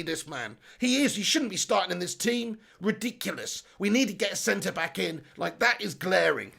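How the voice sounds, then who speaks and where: A man's voice: high voice, expressive, a little fast, creaky, few pauses, a bit bright. Exasperated man commentating live. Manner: exasperated, swears casually, rants at own team. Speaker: football watch-along host. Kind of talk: live match commentary and chat reading. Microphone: phone.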